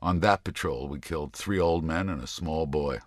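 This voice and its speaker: A man narrating an audiobook memoir in a slow, measured, somber reading style on a close studio mic. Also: rumbling low, no echo.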